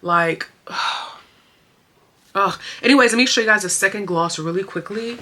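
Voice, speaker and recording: A woman's voice: medium pitch, normal speed, background noise. A young woman chatting expressively through her makeup routine, full of slang and emotion, as a beauty vlogger. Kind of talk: casual chatty makeup tutorial.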